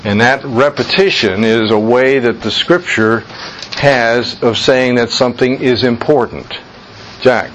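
Male Bible study teacher, measured and slow, repeats for emphasis; light room noise. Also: mid-range voice, a bit bright. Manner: slow, deliberate, repeats key phrases for emphasis.

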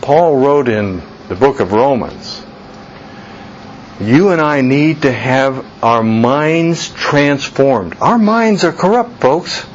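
A man preaching a sermon slowly and deliberately, jumping to a much higher pitch when he voices people's reactions. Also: big pitch swings, muffled recording, slight background noise. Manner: slow deliberate preaching, voice leaps high for quoted reactions. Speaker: pastor.

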